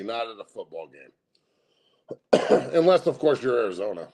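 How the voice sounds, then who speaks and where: Gravelly, brash, profane host. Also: male voice, medium pitch, big pitch swings, moderate pace. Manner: loud, brash and profane, laughs often. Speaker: sports show host. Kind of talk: profane casual sports commentary.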